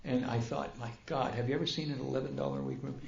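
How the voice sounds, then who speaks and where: An older man, a speaker at a recovery convention, tells his personal story in a humorous, self-deprecating and animated way. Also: medium pitch, fast, vocal fry, a crowd in the background. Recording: dull, roomy hall recording.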